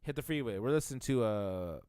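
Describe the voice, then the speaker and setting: A man's voice: mid-range voice, animated, fairly quick, a little mellow, clean tone, no echo, studio quality. A young man co-hosting a podcast, telling a profane, laid-back story in casual chat. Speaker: podcast co-host.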